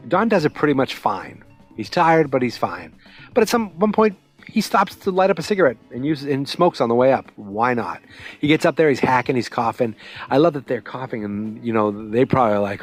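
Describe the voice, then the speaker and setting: A man hosting a podcast, recapping a TV episode in a casual, sarcastic way with lots of fillers. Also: mid-range voice. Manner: chatty, sarcastic, lots of fillers and quoted voices. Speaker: podcast host.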